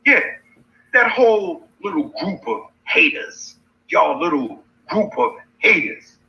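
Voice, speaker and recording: Sitting on the high side, this man's voice is creaky and sing-song, moving at a slow pace. As a livestream host, he rants tauntingly at his critics, mocking and challenging them and repeating insults, all in dull, lo-fi stream audio.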